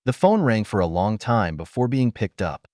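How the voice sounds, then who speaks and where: A man narrating a dramatic story in an even, unhurried way. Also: on the low side, no echo, clean studio sound.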